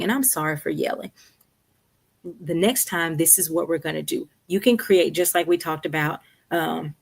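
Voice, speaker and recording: Counselor, woman, middle-aged, lower register; conversational livestream advice with frequent check-ins. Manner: conversational, checks in with "right?" and "okay". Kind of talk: live-streamed Q&A advice. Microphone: streaming setup.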